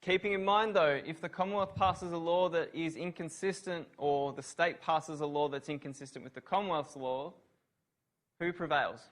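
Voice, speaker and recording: A man's voice: fairly high pitch, steady tone, normal speed. A man giving a university revision lecture on law, asking students questions and praising their answers.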